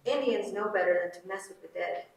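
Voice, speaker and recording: A woman presenting at a conference, reading a short story aloud in a measured, unhurried way and then commenting on it. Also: medium pitch, gravelly, a little mellow. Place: conference room. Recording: roomy hall from far off.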